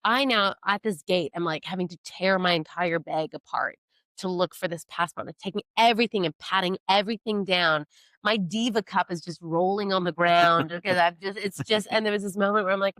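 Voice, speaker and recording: A woman's voice: fairly low pitch, a little fast, fairly bright tone, no echo. A woman comedian, a podcast guest, telling a story in a casual chat, self-mocking and acting out what people said.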